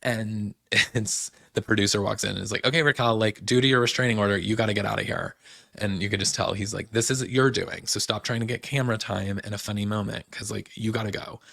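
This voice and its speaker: Male host, casual gossip recap, dry close sound, gravelly voice. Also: on the low side, a bit bright, no room sound. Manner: chatty, gossipy, full of "like" and "um", acts out quotes. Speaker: podcast host recapping reality TV.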